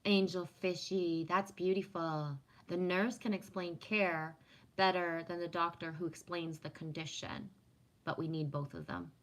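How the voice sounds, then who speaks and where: A woman's voice: lowish voice, steady tone, measured pace. A woman chats casually on a livestream, reading viewer comments aloud and answering each one. Her tone is affirming and reflective, and she often checks in with a "right?" while she talks about spiritual ideas. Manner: warm, affirming, spiritual musing with frequent "right?". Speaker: livestream host answering chat.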